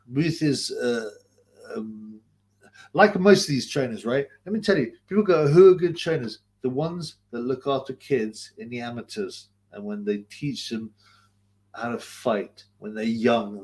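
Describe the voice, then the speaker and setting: Guy doing a chatty livestream, crude, repeats himself a lot, laughs here and there. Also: mid-range voice. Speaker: livestream host. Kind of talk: casual livestream chat reading viewer comments.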